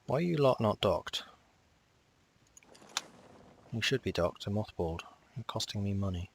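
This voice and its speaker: A man's voice: on the low side, lively intonation, moderate pace, creaky, slight background noise. A man casually commenting on his strategy game as he plays, often muttering to himself and talking back to the game. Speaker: strategy game let's player.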